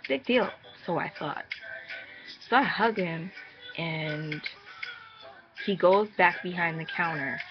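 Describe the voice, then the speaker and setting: A young woman telling a story in a casual vlog, chatty and animated, laughing and jumping high when exasperated. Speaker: vlogger. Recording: muffled with music playing behind.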